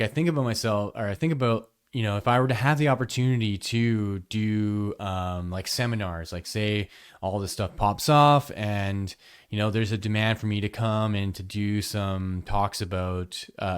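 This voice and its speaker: A man's voice: fairly low pitch, clear, resonant tone. A man who teaches yoga, hosting his podcast and telling a personal story in a frank, emphatic, conversational way. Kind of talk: candid podcast monologue.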